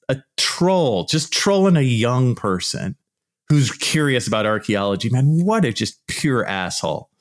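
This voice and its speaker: Podcast host, male, exasperated blunt ranter, mid-pitched with a lively, swooping delivery. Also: unhurried. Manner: exasperated, emphatic, blunt and profane; mocks opponents in put-on voices. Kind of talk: casual ranting monologue.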